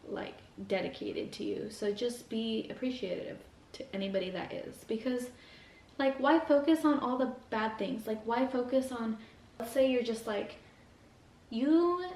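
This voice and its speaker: A young woman mukbang vlogger, her voice a little high and a little mellow, chats earnestly about motivation while eating, rambling and saying "like" constantly. The mic sits at a distance in an echoey room.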